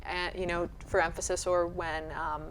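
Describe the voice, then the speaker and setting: A woman director answering interview questions, self-deprecating and halting with fillers. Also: fairly low pitch, level tone, slight background noise.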